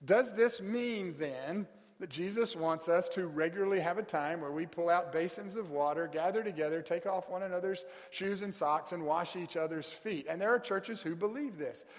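A fairly high-voiced male pastor delivers a sermon, reading scripture and slowing to a crawl on the words he wants to land. His voice rings out with the long reverb of a big church hall. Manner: emphatic, slows right down to stress key words.

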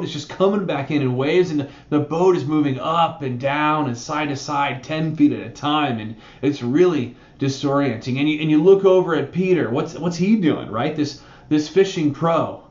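Speaking at a normal speed, this slightly high-voiced pastor delivers a sermon in an echoey room, with the high frequencies cut off. His preaching is animated and conversational, and he keeps asking "right?" while unpacking a Bible passage.

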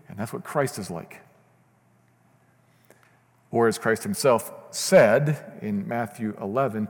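A man's voice: mid-range voice, slow, darkish tone. A man preaching a sermon as pastor, earnest and building to fervent emphasis. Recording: long reverb of a church hall.

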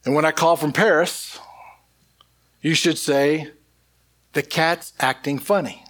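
A man voicing an exasperated wife who lectures her husband on breaking bad news slowly. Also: fairly high pitch, steady tone, a bit bright.

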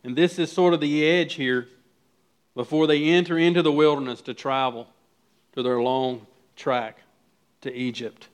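Earnest pastor preaching with rising emphasis. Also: male voice, on the high side, steady tone, moderate pace, clean tone. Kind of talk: sermon.

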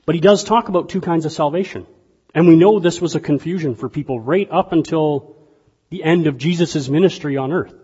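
A male preacher with a fairly high, husky voice delivers a lively, conversational sermon that jumps from hushed asides to loud outbursts. The sound is dull and lo-fi, with a long reverb trailing off the walls of a large hall. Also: brisk. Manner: animated, conversational preaching with sudden bursts of volume. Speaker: pastor.

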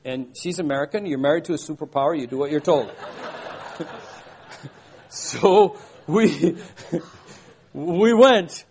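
A man's voice: a little high, slow pace, long pauses, a little mellow, a little hiss or hum. An older man preaching a sermon, emphatic, repeating key phrases and asking rhetorical questions. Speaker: pastor.

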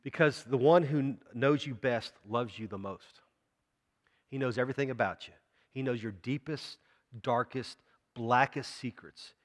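A man's voice: mid-range voice, unhurried, long reverb tail. A man preaching a sermon in a church, talking conversationally and asking the congregation questions. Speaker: pastor.

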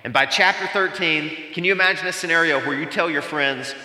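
Animated male preacher in an echoey hall. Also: a little high, fairly quick. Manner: animated preaching with rhetorical questions. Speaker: pastor. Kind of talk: sermon.

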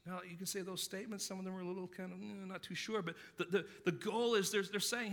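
A man preaching a sermon as pastor, earnestly stressing key words and dropping his voice low to tell stories. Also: steady tone, fast talker, vocal fry, hardly any pauses, fairly bright tone, big-room sound. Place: church sanctuary.

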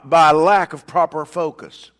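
Older guy pastor preaching, goes quiet then loud, lots of hall echo. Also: a little high, fairly even intonation, normal speed. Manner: preaching with call-and-response, swinging between loud emphatic bursts and quiet asides. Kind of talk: sermon. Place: church sanctuary. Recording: long reverb of a church hall.

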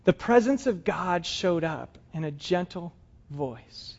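High-voiced man preaching a sermon. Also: animated, slow, dull audio. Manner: dramatic shifts between soft and emphatic delivery. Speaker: pastor.

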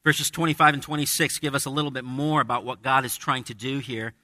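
A man's voice: medium pitch, steady tone, fast talker, sharp tone, dry recording, studio quality. A man preaching a sermon as pastor, conversational, with dramatic quoted asides. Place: church with a congregation.

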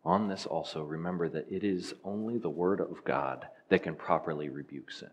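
A man's voice: sits low, normal speed, a little hiss or hum. A man preaching a sermon, teaching in an earnest, emphatic way and asking rhetorical questions.

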